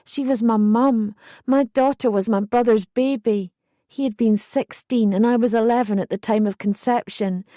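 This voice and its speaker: A young woman reads a painful first-person memoir with raw emotion. Her voice sits a little high and sounds dry and close, as in a studio booth. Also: steady tone, moderate pace, dark tone, dry recording. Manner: emotional, intense retelling. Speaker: memoir narrator. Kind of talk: first-person audiobook narration.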